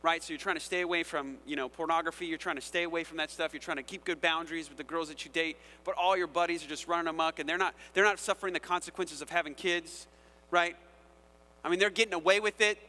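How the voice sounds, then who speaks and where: A man preaching a sermon in a casual, conversational and animated way, often checking in with the audience. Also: high-pitched, big-room sound. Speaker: pastor.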